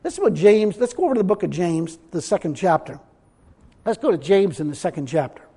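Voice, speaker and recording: Preaching a sermon with emphasis, a man reads scripture aloud and acts out what people say. His high voice swings widely in pitch, brisk and husky with a warm tone. A long hall reverb surrounds the recording.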